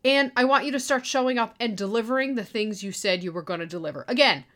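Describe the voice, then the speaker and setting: A middle-aged woman with a slightly high voice, talking straight to her listeners in an exasperated, foul-mouthed rant. She is blunt and impatient, and she swears freely. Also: fast talker, a bit bright. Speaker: podcast host and online course business owner. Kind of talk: profane ranting monologue.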